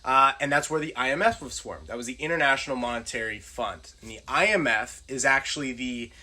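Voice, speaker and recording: A man's voice: medium pitch, brisk, pushed and bright, low-quality recording. A middle-aged man hosting his own channel, talking casually in a loose, rambling monologue full of fillers. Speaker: channel host.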